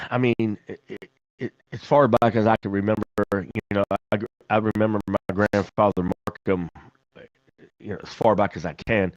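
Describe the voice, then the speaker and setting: A man's voice: on the low side, dry recording, muffled recording. A man with a West Virginian accent, a podcast host telling folksy stories in casual chat and laughing often. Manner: folksy storyteller, laughs a lot.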